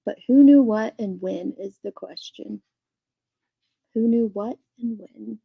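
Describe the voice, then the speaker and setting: A woman's voice: a little high, slow pace, gravelly, slightly rough, muffled recording. A woman hosting a casual livestream, chatting and reading viewer comments aloud. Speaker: livestream host reading chat.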